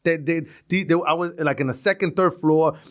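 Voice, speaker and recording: A middle-aged man with a New York accent, a podcast guest telling stories in a casual, animated way and acting out street talk. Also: fairly high pitch, normal speed. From Brooklyn, New York. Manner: animated, acts out street dialogue, chuckles often. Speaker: podcast guest, retired police officer. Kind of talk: casual storytelling.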